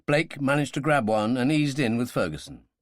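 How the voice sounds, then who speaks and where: A man narrating a thriller audiobook with measured, descriptive delivery. His pitch moves animatedly through each sentence. The recording is dry and close, with no room sound. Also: lively intonation, no room sound. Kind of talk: scripted narration.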